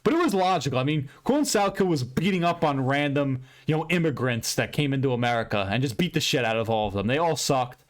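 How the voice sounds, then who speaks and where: Man, fight recap vlog, blunt, profane, rambling, excitable, medium pitch. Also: quick pace, few pauses. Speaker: MMA commentator recapping fights.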